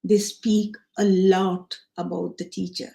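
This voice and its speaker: A woman's voice: fairly low pitch, level tone, slow, vocal fry, warm tone. A woman from India giving an earnest live online talk to teachers as a guest trainer, repeating her key lines. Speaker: education trainer, guest speaker.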